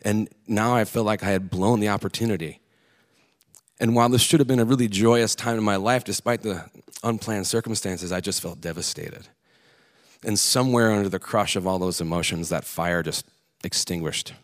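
A man in his thirties telling a candid personal story on a theater stage, earnest and halting at times. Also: fairly low pitch.

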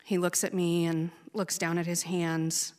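A woman in her thirties from Oregon, telling a personal story in a slow, measured, emotional way as a speech. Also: fairly low pitch, level tone, darkish tone, clean tone. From Oregon, USA. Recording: long hall reverb.

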